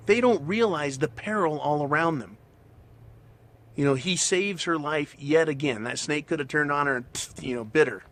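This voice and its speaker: A man's voice: fairly high pitch, moderate pace, a bit bright. A man casually retelling a film plot in a rambling, opinionated way, often tagging his sentences with "right?". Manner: rambling, tags lines with "right?". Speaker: channel host.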